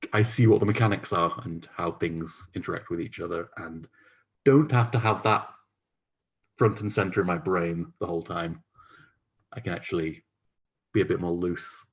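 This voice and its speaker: A man reflecting thoughtfully after a tabletop game, hesitant and pausing often. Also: sits low.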